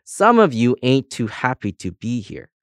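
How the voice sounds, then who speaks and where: A man's voice: medium pitch, huge pitch swings, unhurried, no echo. A man voicing a cheery, folksy male sheriff made of spectacles, talking in a hearty, jokey drawl.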